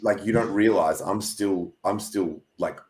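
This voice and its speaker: A man with a very deep voice in an echoey room, talking casually on a podcast roundtable. He agrees readily and talks haltingly, full of fillers and restarts. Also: darkish tone, a little hiss or hum.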